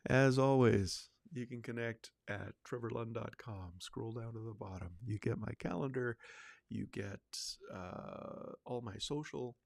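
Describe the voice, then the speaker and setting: A man's voice: mid-range voice, measured pace, gravelly, a little mellow, no echo. A male podcast host chatting casually on his own, rambling with lots of fillers and restarts. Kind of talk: casual solo livecast chat.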